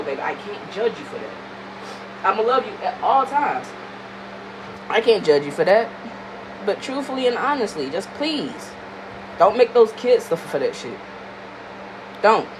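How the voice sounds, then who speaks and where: A woman's voice: mid-range voice, noisy background. Pleading woman, emotional message. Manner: pleading, repeats herself, swings between soft and loud. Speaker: daughter recording a message to her mother. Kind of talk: emotional personal video message. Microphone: phone.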